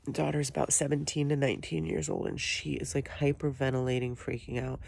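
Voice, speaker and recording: A woman vlogger recounting a story in a rambling, unhurried way. Her voice is gravelly with vocal fry and has a dark, mellow tone. She often restarts her sentences and piles up fillers. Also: extremely low pitch, fairly even intonation. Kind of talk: casual storytelling.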